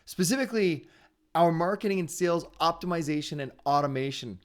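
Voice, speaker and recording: Male webinar host, rapid and upbeat, slightly higher voice, cheers on his attendees. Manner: fast-talking; upbeat and encouraging. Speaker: webinar host and sales trainer. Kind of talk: live online training webinar. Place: his home area in Ontario.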